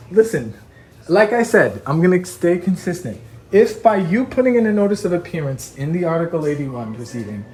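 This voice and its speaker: A man arguing heatedly on a call, ranting and mocking others in quick impressions. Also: on the high side, darkish tone, slight background noise. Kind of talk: heated phone argument.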